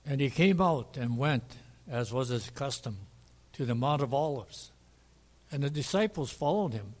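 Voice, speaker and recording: A man's voice: medium pitch, expressive, measured pace, a little mellow. Man reading scripture in a reverberant hall. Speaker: scripture reader. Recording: long reverb of a large hall.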